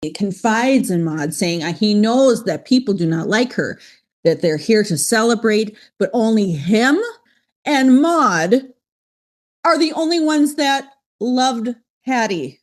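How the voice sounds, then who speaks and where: A woman co-hosts a casual podcast, recapping an old sitcom and acting out the characters' lines. Her voice sits a little higher than most. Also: slow. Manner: animated, acts out quotes. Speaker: podcast co-host.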